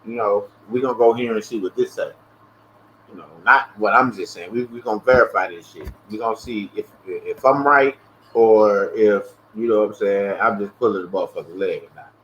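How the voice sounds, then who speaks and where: Profane, animated man on a livestream. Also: fairly low pitch, normal speed, dull audio, a little hiss or hum. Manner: loose, profane, animated storytelling; mimics callers in a raised voice. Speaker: livestream host. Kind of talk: casual livestream chat. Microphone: earpiece headset.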